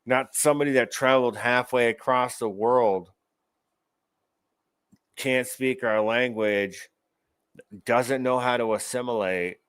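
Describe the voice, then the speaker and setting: A man's voice: medium pitch, fairly even intonation, slow pace, pauses often, a bit bright, clear, resonant tone, dry recording. A man hosting his own show, giving rambling, profane commentary in a casual ranting manner. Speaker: show host.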